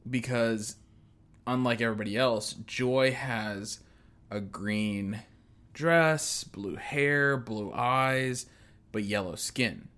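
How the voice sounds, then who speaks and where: A man's voice: mid-range voice, takes it slowly, a bit bright. A man in casual conversation, explaining a film's ideas hesitantly and searching for words. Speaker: co-host discussing a film. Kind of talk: casual chat.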